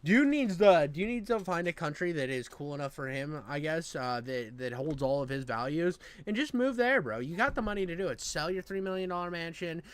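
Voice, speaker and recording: A man from the United States ranting as co-host on a commentary show, loud and profane, rambling with many restarts. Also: a little high, expressive, brisk, hardly any pauses, clean tone.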